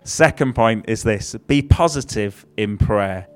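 A man's voice: fairly low pitch, a little slow, soft background music. A man preaching a conversational sermon with wry, self-deprecating asides.

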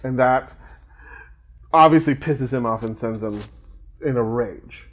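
A man's voice: mid-range voice, measured pace. Man rambling through a film recap. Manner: rambling, lots of fillers and restarts. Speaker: podcast co-host. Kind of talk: casual chat recapping a film.

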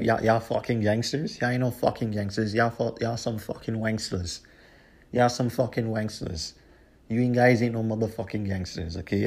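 Profane ranting man. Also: medium pitch. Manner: profane, heated, repetitive ranting. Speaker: podcast host. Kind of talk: solo podcast rant.

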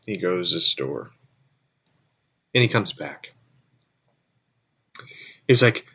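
A man's voice: deep voice, expressive, slow, long pauses, sharp tone, husky, lo-fi sound. A man hosting his own show, telling a rambling story in a casual way and correcting himself as he goes. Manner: rambling, self-correcting, frequent asides. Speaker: show host.

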